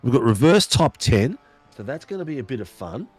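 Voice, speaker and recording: A man's voice: medium pitch, big pitch swings, a little fast, breathy edge. Laughing man calling sim racing. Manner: chatty, laughing, slangy banter. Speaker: race commentator.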